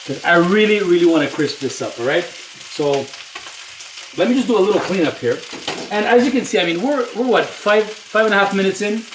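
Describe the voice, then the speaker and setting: A chatty man talks to the camera as he cooks, his fairly high voice a little way off the mic. The kitchen sounds roomy and echoey, with a pan sizzling loudly behind him. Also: animated, brisk, recorded from a distance, background noise. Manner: chatty, talks to the viewer with lots of "you know". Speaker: home cook vlogger. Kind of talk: casual cooking video talk. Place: home kitchen. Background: food sizzling in a pan.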